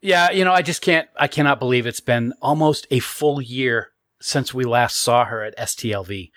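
A man's voice: medium pitch, normal speed, fairly bright tone, no room sound. A man with a mid-range voice co-hosts a casual podcast in a playful, upbeat way. His voice is recorded dry and up close. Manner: playful, enthusiastic. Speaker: podcast co-host.

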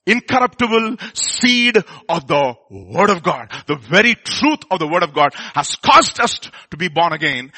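A man preaching a sermon, his voice high and bright. He swings his pitch widely as he drives home each point. He keeps asking the congregation questions and waits for them to answer. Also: sing-song. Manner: emphatic, asks the congregation questions and pauses for answers.

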